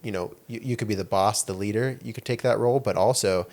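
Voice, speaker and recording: A young man with a lowish voice hosts a laid-back podcast chat. He rambles loosely and leans on filler words like "like" and "you know" as he works through his thoughts. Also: fast, a little mellow. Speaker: podcast host. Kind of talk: casual chat.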